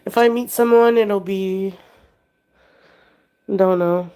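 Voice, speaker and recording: A woman's voice: medium pitch, fairly even intonation, takes it slowly, mellow, clean tone. Woman with a sick voice, livestreaming. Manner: rambling, drifts between chat comments and her pet. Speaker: livestreamer reading chat. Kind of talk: casual livestream chat.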